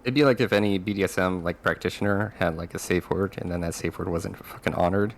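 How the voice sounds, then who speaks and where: A man's voice: low voice, fairly even intonation, fast talker, vocal fry. A man in a casual voice chat, explaining a point through comparisons. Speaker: voice chat participant.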